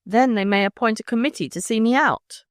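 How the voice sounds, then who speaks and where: A woman voicing a sharp-tongued proud schoolgirl. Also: on the high side, fairly quick, no room sound, clean studio sound, close to an everyday voice. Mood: curt. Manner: cold and cutting.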